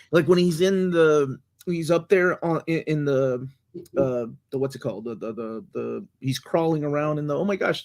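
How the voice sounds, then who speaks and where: Excited man in his forties talking movies. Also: a little high. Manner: enthusiastic, stumbles over words, laughs. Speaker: podcast co-host. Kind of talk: casual movie review chat.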